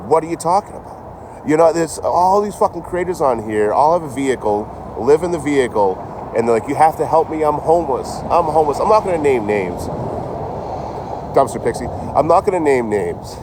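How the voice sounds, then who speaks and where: A man's voice: mid-range voice, expressive, moderate pace. Profane, rambling man streaming outdoors. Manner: rambling, profane, laughs at his own jokes. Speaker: traveling livestreamer. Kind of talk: casual livestream chat. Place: outdoors by a rail yard office. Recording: outdoor street noise. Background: traffic and street noise.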